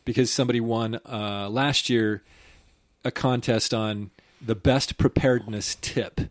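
A man hosting a podcast, chatting casually, opinionated and quick to laugh. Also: medium pitch, fairly even intonation, dry recording, clean studio sound. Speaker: podcast host. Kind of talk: casual chat.

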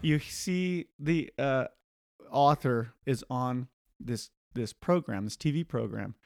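A man's voice: medium pitch, vocal fry, a little mellow, no echo, studio quality. Man eagerly retelling a film plot. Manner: retells scenes with bursts of laughter and quick acted quotes. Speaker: podcast co-host. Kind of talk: casual film discussion.

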